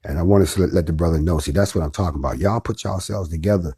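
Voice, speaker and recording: A man's voice: deep voice, quick pace, warm tone, husky. A middle-aged man leading an organization, talking to his followers in a casual, emphatic livestream with blunt slang and profanity. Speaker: organization leader addressing followers.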